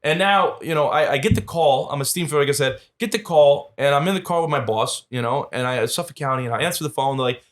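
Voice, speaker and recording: A man, telling lively stories as a podcast guest and acting out the voices of the people in them. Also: on the high side, quick pace, hardly any pauses. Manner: animated storyteller, acts out quoted voices. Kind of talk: casual storytelling interview.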